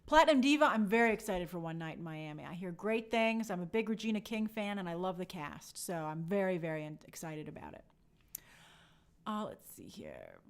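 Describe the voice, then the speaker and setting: A woman's voice: lowish voice, fairly quick, hardly any pauses, clear, resonant tone. A young woman hosting a casual livestream, chatting and answering viewer comments with a sarcastic edge. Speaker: host answering live chat.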